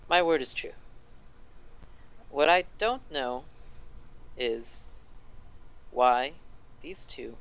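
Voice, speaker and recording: A man's voice: mid-range voice, lively intonation, extremely slow, pauses often, fairly bright tone, lo-fi sound, full character voice. A man playing a weary, sly town mayor. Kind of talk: tabletop game role-play.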